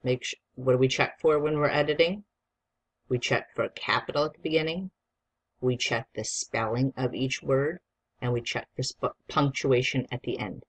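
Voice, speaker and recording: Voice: medium pitch, steady tone, slightly rough. A teacher giving a spelling dictation lesson, spelling each word out letter by letter in a patient, encouraging way. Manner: slow, deliberate dictation, spelling words out letter by letter; encouraging, patient instructions to a young student.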